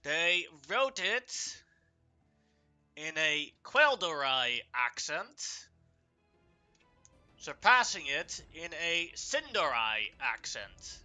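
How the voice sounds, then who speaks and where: Guy doing a cocky wizard at the table, super bright voice, swoopy and slow. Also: a little high, big pitch swings, soft background music. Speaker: player. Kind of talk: in-character tabletop role-play.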